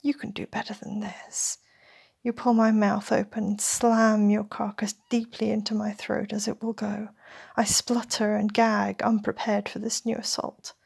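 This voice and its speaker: A woman narrating an erotic story in the first person as a whispered role-play, with a breathy, intimate delivery. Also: medium pitch, completely flat delivery, moderate pace, darkish tone.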